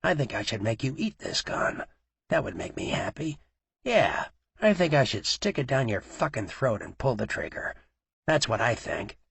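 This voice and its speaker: Man voicing a raspy menacing mobster, low taunting voice, cold, cruel, animated delivery. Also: normal speed, dry recording, full character voice. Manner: low, taunting, rarely raises his voice. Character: menacing male mob boss, cold and cruel.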